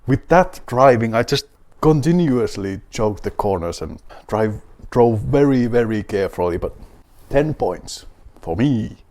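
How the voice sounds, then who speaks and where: A man's voice: medium pitch, lively intonation, unhurried, darkish tone. A man with a Finnish accent playing a rally game and talking to himself, wry and mock-grand, with a beer at hand. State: drinking beer while playing. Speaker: gaming video host.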